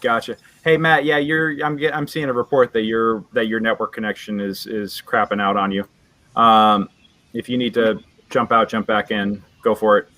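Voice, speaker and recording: A man's voice: lowish voice, level tone, normal speed, pushed and bright. A man acting as dungeon master in a live online tabletop game, talking loosely with many restarts and laughs.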